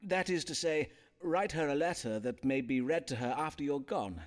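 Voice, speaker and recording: An actor voicing a courteous Elizabethan astrologer and physician who speaks in polite, archaic phrasing, in a video game. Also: male voice, on the high side, normal speed, soft background music, lightly acted. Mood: grave. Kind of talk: game voice acting.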